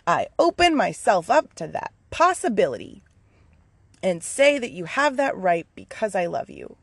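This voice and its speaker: Candid, gravelly-voiced woman podcaster. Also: medium pitch, big pitch swings, normal speed, dry recording. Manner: candid, swears freely, many fillers and restarts. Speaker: podcast host. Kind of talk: casual rambling monologue.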